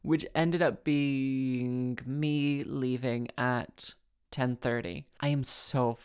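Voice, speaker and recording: Tired, rambling low-voiced woman. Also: fairly even intonation, very slow, a little mellow, smooth. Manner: rambling, self-deprecating, restarts phrases. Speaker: podcast host. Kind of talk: casual solo chat.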